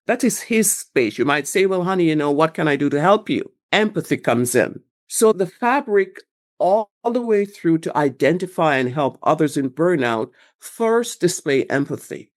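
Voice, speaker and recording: A woman guest speaking about workplace burnout in a rambling, animated way, acting out quoted examples. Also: sits low. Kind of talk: conversational interview answers.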